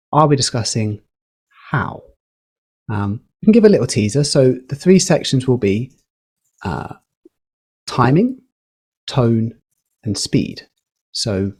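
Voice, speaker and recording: Teacherly man explaining with lively emphasis. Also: medium pitch, breathy edge. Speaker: podcast guest, communication educator. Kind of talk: explaining, casual podcast chat.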